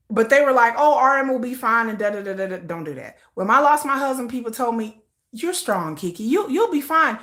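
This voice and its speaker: A fairly high-voiced, middle-aged woman speaks off the cuff on a livestream. She sounds close to tears and talks in a heartfelt, repeating way, pressing her points with frustration. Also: sharp tone. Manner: heartfelt, repetitive, building to frustration. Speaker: livestream host. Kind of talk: emotional casual commentary.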